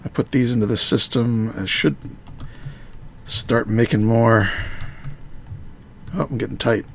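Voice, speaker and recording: A man casually talking through a modded game on a live stream, muttering to himself with halting fillers. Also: mid-range voice, creaky, slight background noise.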